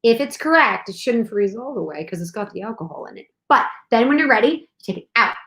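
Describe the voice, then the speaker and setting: A woman chatting casually on a livestream, bubbly and excitable, talking straight to viewers. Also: a little high, fast talker. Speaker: co-host. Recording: echoey room.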